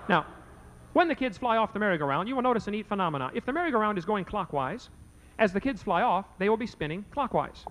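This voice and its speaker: A man with a fairly high voice tells a story in a quick, rattling lecture style. His telling is folksy and joking, and he loads it with rhetorical questions. He speaks as a creationist debater addressing an audience. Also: a bit bright, a little hiss or hum.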